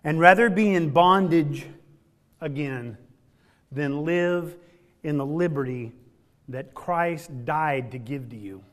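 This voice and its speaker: A man preaching a sermon in a folksy way, dropping from loud emphatic lines to hushed, low ones and stretching key words for weight. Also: slow pace, pauses often.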